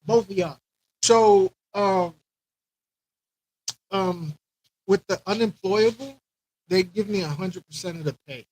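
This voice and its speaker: A man's voice: high voice, slow, long pauses, a little mellow, rough recording. A man hosting a live stream, chatting loosely with viewers, rambling and repeating himself as he greets them by name. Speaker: aquarium channel host.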